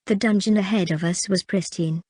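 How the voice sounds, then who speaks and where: A woman narrating an audiobook in a steady, even reading voice. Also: medium pitch, fairly quick, no echo.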